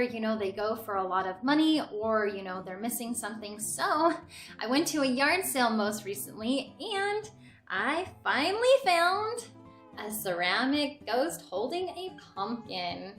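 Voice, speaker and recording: A young woman hosting a casual vlog, gushing with excitement as she shows off her finds. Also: a little high. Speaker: host showing a thrift haul. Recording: echoey room, faint music.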